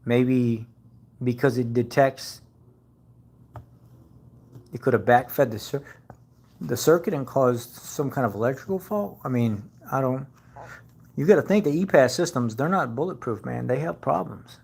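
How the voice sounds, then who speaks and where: A man's voice: mid-range voice, measured pace, gravelly, pauses often, a little mellow. A man hosting a casual car-channel live stream, rambling with fillers and restarts.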